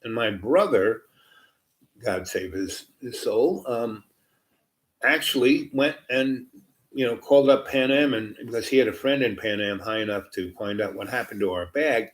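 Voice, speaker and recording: An older man with a somewhat low voice spins a long, meandering personal story. He wanders through asides and fillers, circling back to the thread again and again.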